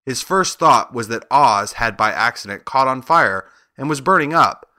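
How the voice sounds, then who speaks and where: Man reading a kids storybook, calm steady pace, dry close mic. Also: medium pitch, normal speed, no room sound. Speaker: narrator. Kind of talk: storybook audiobook narration.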